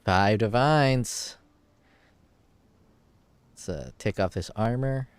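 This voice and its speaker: A man casually commenting on his gameplay as a streamer. He swears freely, gets excited, and reads item text aloud. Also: fairly low pitch, takes it slowly, clear, resonant tone, no echo. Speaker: game streamer.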